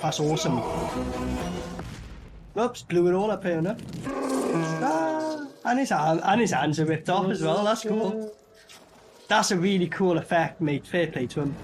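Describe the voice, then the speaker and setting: Laughing Welsh Valleys guy reacting to a film. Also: sits high. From Wales. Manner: laughing, swearing, excitable banter. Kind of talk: casual reaction commentary. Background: film soundtrack playing.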